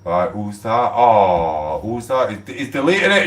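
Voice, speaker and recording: A very deep-voiced man in his forties rambles through a casual live stream, chatty and freely swearing. He sits well back from the mic in a roomy, echoing kitchen. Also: sing-song, takes it slowly, few pauses. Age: 40s. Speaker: livestreamer. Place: home kitchen. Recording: roomy echo, distant from the mic.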